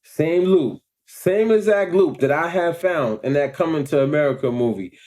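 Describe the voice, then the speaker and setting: A man's voice: a little high, moderate pace, a little mellow. A man, telling slangy stories in a casual vlog and laughing often. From Long Island, New York. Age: 40s. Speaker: vlogger and rapper.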